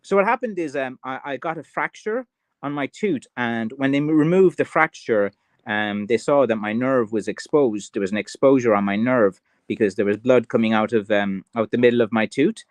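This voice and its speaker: A man's voice: mid-range voice, moderate pace, no room sound. A middle-aged man with an Irish accent, chatting casually on a livestream, rambling with lots of filler and answering viewer comments. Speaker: livestream host, stick maker.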